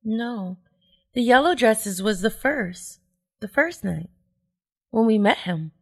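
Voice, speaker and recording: A woman co-hosting a podcast in casual chat, animated and profane, jumping in with her own side of the story. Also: fairly high pitch, takes it slowly, slightly rough. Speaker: podcast co-host.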